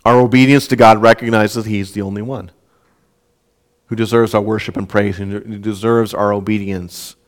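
A man's voice: fairly low pitch, fairly even intonation, moderate pace. A young man preaching a sermon in an earnest way, often repeating words as he restarts a thought. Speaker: pastor.

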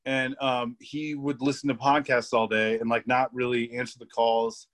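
A man's voice: mid-range voice, flat delivery, normal speed, a bit bright. Rambling young man telling work stories. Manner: rambling, laughing, heavy filler words and swearing. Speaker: podcast guest. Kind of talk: casual storytelling chat.

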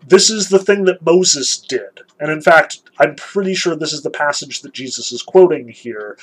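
Man, casual lecturer, slightly high voice, chatty, animated, self-deprecating. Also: rough recording.

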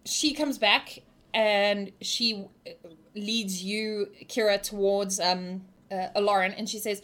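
A woman's voice: mid-range voice, steady tone, slow pace, fairly bright tone, a little hiss or hum. A woman narrating as game master of a tabletop game, in a loose, casual manner full of fillers.

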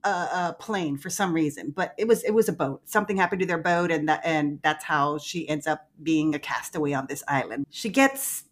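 A woman's voice: sits low, normal speed, hardly any pauses. A woman co-hosting a podcast, recapping a movie in casual, profane chat with frequent giggling. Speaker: podcast co-host.

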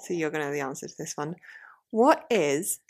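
Host: woman, teasing and quick, laughs often, very animated delivery. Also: low voice. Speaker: quiz host. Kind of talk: casual quiz game chat.

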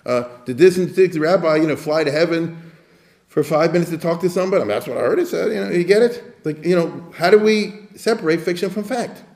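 A man's voice: a little high, fairly quick, gravelly, a little mellow, reverberant. A man giving an informal lecture in a conversational way, often digressing and checking with his listeners. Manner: conversational, digressive, asks the audience for assent.

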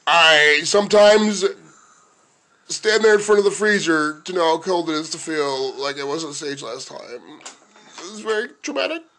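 A man imitating his friend as a gentle, emotional guy, speaking slowly and earnestly. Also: a little high, expressive. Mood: mock-earnest. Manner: slow, mock-earnest delivery.

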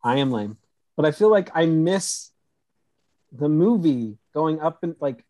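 A man's voice: on the high side, animated, unhurried, dark tone, no room sound, poor audio. Laid-back man reading his list. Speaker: podcast co-host. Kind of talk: casual chat.

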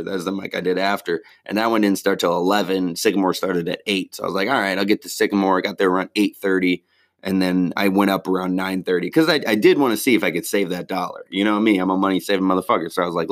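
A stand-up comedian, a man, casually recapping his week in a rambling, laid-back way, swearing freely and using slang. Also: sits low.

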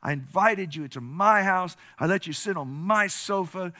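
A preacher acting out an exasperated man who complains loudly and insistently to Jesus. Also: sits high, moderate pace, slight background noise, voice pushed up. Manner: loud, whiny, insistent complaining.

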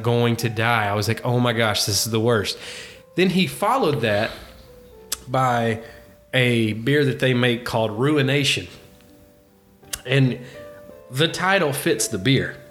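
A middle-aged man co-hosting a podcast, telling stories in a casual, animated way and swearing freely. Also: mid-range voice, unhurried, soft background music. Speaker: podcast co-host. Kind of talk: casual chat.

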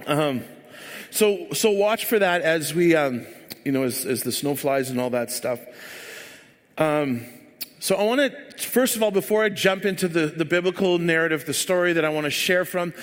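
A man's voice: on the high side, lively intonation, normal speed. A man giving a sermon as a church speaker, telling stories in a rambling, joking way full of fillers. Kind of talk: sermon with casual storytelling. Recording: long hall reverb.

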